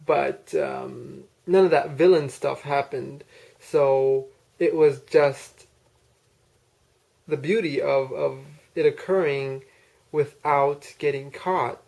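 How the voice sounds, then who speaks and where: A man's voice: mid-range voice, fairly even intonation, slow, creaky, a little mellow. A man casually telling a personal story, rambling, with many fillers and restarts. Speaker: person recounting a dream.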